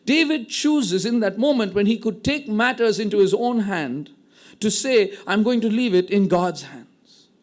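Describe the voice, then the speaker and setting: A man's voice: high voice, animated, unhurried. A man preaching a sermon, retelling a scripture story with dramatic quoted dialogue. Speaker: pastor.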